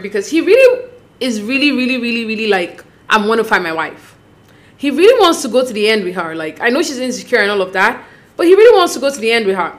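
A woman casually recapping a reality show, acting out quotes in a chatty, animated way. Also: medium pitch. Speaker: recap host.

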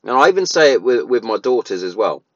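A man's voice: mid-range voice, big pitch swings, fast talker, no echo, lo-fi sound. A man, a father giving his views in a loose, rambling monologue full of restarts and fillers. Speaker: parent sharing opinions. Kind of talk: casual monologue.

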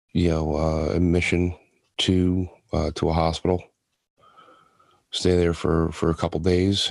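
A man in his thirties telling his own hard story, halting and restarting often. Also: sits low, darkish tone, no echo. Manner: halting, with many restarts and fillers. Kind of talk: personal testimony.

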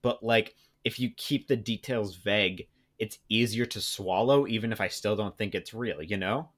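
A man's voice: lowish voice, moderate pace, a bit bright. Rambling young man on a podcast. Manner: rambling, joking, lots of fillers. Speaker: podcast co-host. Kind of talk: casual chat.

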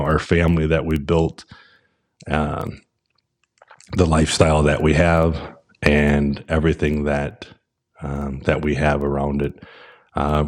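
A man's voice: very deep voice, darkish tone. A man in his forties, a podcast host, telling a personal story in a rambling, casual way with many fillers and restarts.

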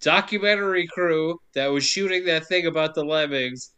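A man co-hosting a casual podcast, recapping a movie with jokes, swearing and quick silly impressions. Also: a little high, bright, forceful tone, clean tone, highs cut off. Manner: jokey, profane, drops into silly impressions. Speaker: podcast co-host.

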